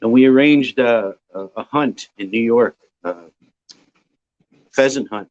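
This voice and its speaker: A man from Ontario, a guest casually telling a long, rambling anecdote with filler pauses. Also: medium pitch, a little mellow. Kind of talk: casual storytelling. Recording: dull lo-fi audio.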